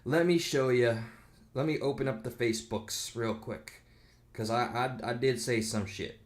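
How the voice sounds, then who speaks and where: In a loose, rambling rant to the camera, this video commentator keeps a steady, medium-pitched voice at a moderate pace, dropping in sarcastic asides. His register is ordinary and middling, and every so often he stops to read comments mockingly in this casual reaction rant.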